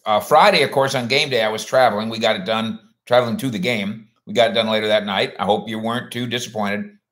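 A man's voice: fairly low pitch, steady tone, fast talker, a bit bright. A man hosting a sports livestream in a rambling, folksy way, chatting casually and reading out viewer comments.

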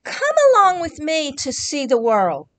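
A woman's voice: high voice, sing-song, measured pace, pitched above the performer's own voice. A woman voicing a friendly, eager male rooster in a children's storybook read-aloud, cheerful and inviting.

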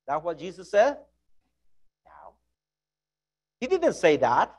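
Slow earnest preacher with high voice. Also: male voice, huge pitch swings. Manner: earnest, self-correcting, non-native phrasing. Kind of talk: sermon.

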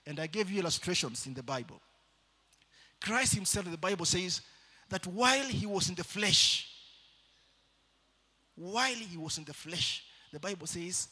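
A man preaching a sermon in church, shifting between loud calls to the congregation and quieter storytelling. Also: sits high, lively intonation, normal speed, long pauses, breathy edge.

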